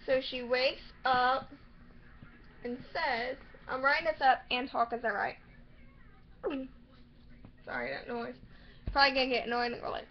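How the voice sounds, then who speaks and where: A young woman chats her way through a TV recap in a high voice, stopping to act out characters' lines. The recording sounds a little dull and muffled, with a faint hiss underneath. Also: steady tone, measured pace, long pauses. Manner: rambling, quoting characters in bursts. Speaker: recap vlogger. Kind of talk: casual TV episode recap. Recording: slightly muffled home recording with faint noise.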